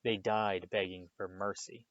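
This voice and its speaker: A man voicing a snarling dark wizard. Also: low voice, fairly even intonation, measured pace, no echo, dull audio. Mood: menacing. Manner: snarling, hissing threats. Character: menacing evil male dark wizard.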